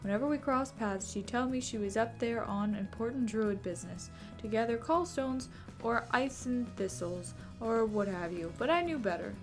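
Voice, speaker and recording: A woman's voice: a little high, moderate pace, few pauses, music in the background, natural voice. A woman voicing a wandering storyteller who fondly reminisces about an old friend. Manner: fond, reminiscing narration.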